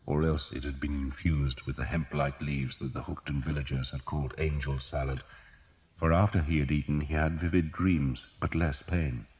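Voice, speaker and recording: A man narrating an audiobook in a measured, even storytelling manner. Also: extremely low pitch, long reverb tail. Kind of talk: scripted narration.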